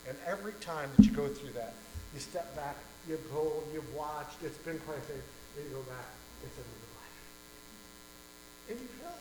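A man preaching a sermon as pastor, telling a parable with lively acted-out voices. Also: on the high side, normal speed, reverberant, noisy background. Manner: animated storytelling, acting out voices and shouts. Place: church.

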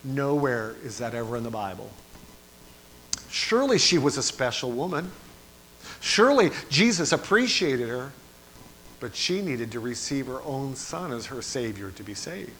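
Man preaching with a bright, forceful voice. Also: mid-range voice, sing-song, moderate pace, slight background noise. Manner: preaching with dramatic swings from quiet to loud cries. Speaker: pastor. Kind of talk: sermon.

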